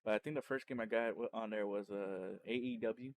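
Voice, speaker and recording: A man, a streamer and podcast host, telling his story in a loose, rambling way, full of restarts and self-corrections, and getting animated when he retells exciting moments. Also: fairly low pitch, fairly quick, slight background noise. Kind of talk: casual personal storytelling.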